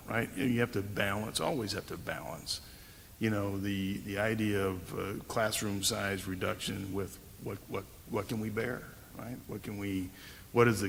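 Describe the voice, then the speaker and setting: A man answering as a school board candidate at a forum, rambling through restarts and tag questions like "right?". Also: fairly low pitch. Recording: gravelly voice in hall reverb, faint hum.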